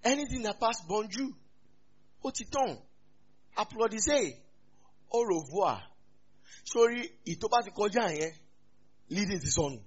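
Nigerian male pastor, husky and a bit high, humorous sermon, lo-fi sound. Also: measured pace, long pauses. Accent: Nigerian, Yoruba-speaking. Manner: humorous, mixing in Yoruba asides, lively swings in loudness.

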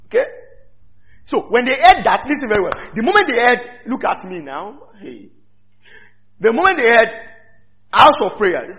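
A man's voice: high-pitched, fairly bright tone. A man preaching a sermon, teaching with rhetorical questions to his congregation. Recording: slightly dull lo-fi recording.

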